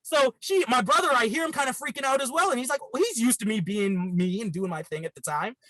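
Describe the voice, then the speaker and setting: A man's voice: very high voice, brisk, bright, forceful tone, dry recording, rough recording. A young man from Canada, a podcast guest, telling a story in a chatty way, full of fillers like "like" and acting out the voices of the people in it. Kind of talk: casual storytelling.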